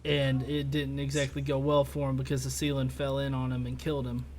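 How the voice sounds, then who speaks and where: A man's voice: mid-range voice, monotone, brisk, darkish tone. A man hosting a casual political podcast, talking loosely with lots of filler words. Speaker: podcast host.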